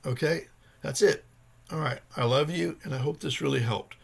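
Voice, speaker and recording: A man's voice: a little high, normal speed, vocal fry, husky. A man talking in a casual personal vlog about his recovery journey, earnest and rambling as he searches for his words.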